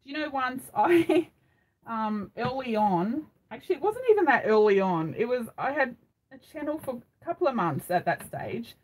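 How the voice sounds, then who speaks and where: A woman's voice: a little high, big pitch swings, normal speed, husky, poor audio. A middle-aged Australian woman hosting a craft live stream, chatting casually and rambling with frequent ums, recorded on a phone. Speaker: craft channel host.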